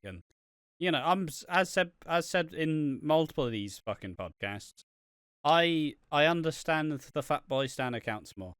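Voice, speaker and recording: A man's voice: on the high side, animated, moderate pace, a bit bright, smooth, dry recording, studio quality. Sweary man on a podcast. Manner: sweary, rambling, laughs often. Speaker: podcast co-host reviewing a soap. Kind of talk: casual podcast chat.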